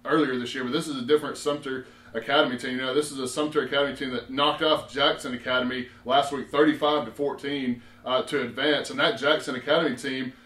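A man co-hosting a local sports show, breaking down high school football with lots of filler words. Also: steady tone, fast talker, hardly any pauses, fairly bright tone. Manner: rambling, many "you know" fillers. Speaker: sports reporter co-host. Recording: roomy echo.

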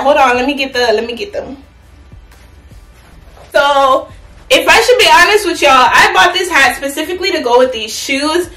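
Chatty high-voiced young woman in a roomy space. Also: expressive, normal speed, sharp tone, soft background music. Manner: chatty, playful, talks straight to viewers. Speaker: fashion vlogger. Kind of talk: casual try-on haul chat. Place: at home, in an echoey room. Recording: roomy, from a distance.

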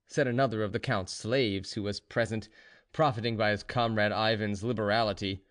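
A man reading an audiobook in a measured, storytelling manner. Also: fairly low pitch, fairly bright tone. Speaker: audiobook narrator. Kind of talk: audiobook narration.

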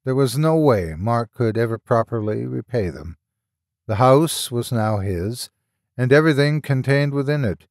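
Expressive male audiobook narrator. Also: medium pitch, unhurried, dry recording, studio quality. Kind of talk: scripted horror audiobook narration.

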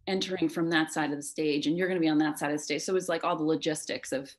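A woman's voice: deep voice, fairly even intonation, racing. A young adult woman, an actor, talking casually as an interview guest, chatty and self-deprecating, laughing often. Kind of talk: casual conversation.

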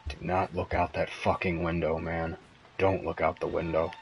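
A man's voice: sits low, little pitch movement, moderate pace, creaky, a little hiss or hum. A young man streaming a horror game, muttering and cursing nervously, breaking into frightened yelps. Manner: profane, jumpy, muttering and yelping with fear. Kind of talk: frightened live gameplay commentary.

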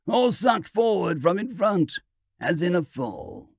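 A man voicing a stern, grave old priest who speaks in a solemn, measured way in an audiobook reading. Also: sits high, big pitch swings, creaky, husky, dry recording, studio quality, pitched above the performer's own voice, heavily acted. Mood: hushed.

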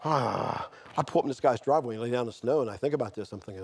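A middle-aged man, preaching a sermon and telling a personal testimony, moving from quiet storytelling to fervent outbursts. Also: mid-range voice, racing, few pauses, slightly rough. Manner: earnest, swings from quiet storytelling to shouted fervor.

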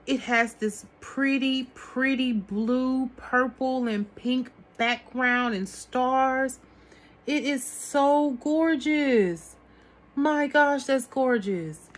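A woman's voice: high voice, very slow. A woman vlogging an unboxing of a haul, gushing over each item and talking to her viewers as sis and y'all. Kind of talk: product unboxing chat.

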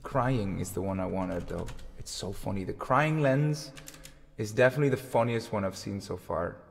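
A man's voice: fairly low pitch, moderate pace, gravelly, long reverb tail. A man hosting a music livestream, chatting casually with viewers between songs and laughing often. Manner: giggly, laughs often while talking.

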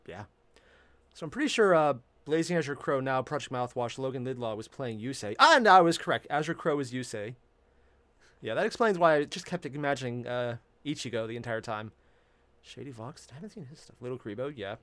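Excitable reaction guy, laughs a lot, bouncy voice, dry sound. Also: mid-range voice, brisk, dry recording. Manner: excitable, laughs often, swears casually. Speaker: reaction video host. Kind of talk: casual reaction commentary.

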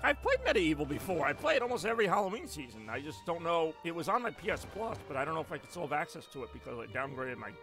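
A man's voice: on the high side, very animated, fast, hardly any pauses, over music. A man streaming a game live, rambling and joking as he chats with his viewers. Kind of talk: casual live stream gameplay commentary.

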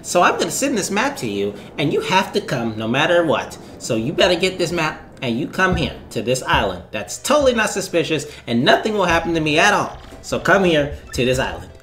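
A man's voice: a little high, sing-song, fairly quick, hardly any pauses, fairly bright tone, voice pushed up. A man doing a snarky letter-writing princess. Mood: sarcastic. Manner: sarcastic, mocking.

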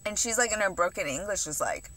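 A woman's voice: mid-range voice, expressive, fast talker, pushed and bright. A young woman vlogger rambling in a confessional, profane way, with lots of "like". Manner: rambling, profane, heavy use of "like". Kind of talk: confessional eating vlog talk.

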